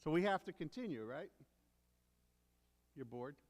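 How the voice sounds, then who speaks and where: A man's voice: a little high, lively intonation, unhurried, a little mellow. A man serving as deacon, giving a playful children's sermon, coaxing and teasing the kids into answering. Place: church sanctuary. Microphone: handheld or stand microphone. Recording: long church reverb.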